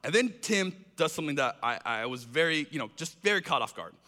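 Bright-voiced man telling a story. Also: on the high side, fairly quick. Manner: animated, acts out other people's lines in raised voices. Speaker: speaker telling a personal story. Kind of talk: storytelling talk. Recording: long hall reverb.

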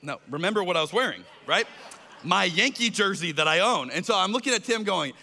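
Bright-voiced man telling a story. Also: high voice, fairly quick, gravelly, slight background noise. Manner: animated, acts out other people's lines in raised voices. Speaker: speaker telling a personal story. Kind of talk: storytelling talk. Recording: long hall reverb.

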